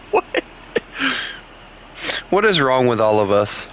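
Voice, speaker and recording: Young male streamer, teasing and playful, very lively pitch, light noise underneath. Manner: playful, teasing, laughs often. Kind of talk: casual gaming stream chat.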